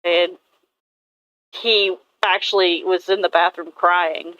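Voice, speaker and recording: A woman's voice: lowish voice, fairly even intonation, slow, a bit bright, no echo, muffled recording. A woman artist chatting casually and rambling about her characters, swearing now and then. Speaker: artist vlogger. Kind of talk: casual chat while drawing.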